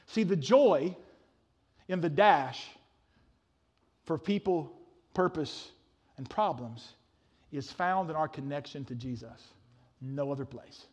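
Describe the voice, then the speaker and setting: High-voiced man preaching with passion. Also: expressive, measured pace, long pauses. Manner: passionate preaching, swings from loud to hushed; stammering restarts. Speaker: pastor. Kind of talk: sermon.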